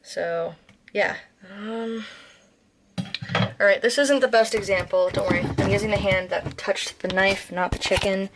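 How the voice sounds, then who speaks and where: A woman's voice: mid-range voice, steady tone, unhurried, heavy background noise. An American woman chatting casually in a cooking vlog, rambling with lots of ums and self-corrections. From United States. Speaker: vlogger.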